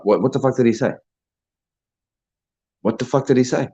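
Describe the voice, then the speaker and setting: A man's voice: mid-range voice, normal speed, mellow, muffled recording. A man hosting a casual livestream, rambling, laughing and chatting with viewers over a beer. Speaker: livestream host.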